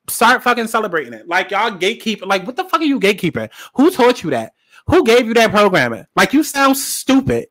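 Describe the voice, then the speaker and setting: A man's voice: sits high, fairly bright tone. A man giving casual pop culture commentary in a sassy, profane, emphatic way, repeating lines for punch. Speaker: commentary vlogger.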